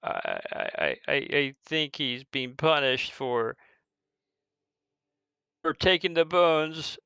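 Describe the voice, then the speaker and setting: Man voicing a timid stammering orphan boy, crisp bright voice, dry sound. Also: medium pitch, unhurried, dry recording, lo-fi sound, pitched above the performer's own voice. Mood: tearful. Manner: stammering, hesitant.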